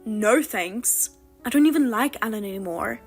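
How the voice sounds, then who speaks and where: Woman narrator, scripted story reading, high voice, expressive pitch. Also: normal speed, faint music behind.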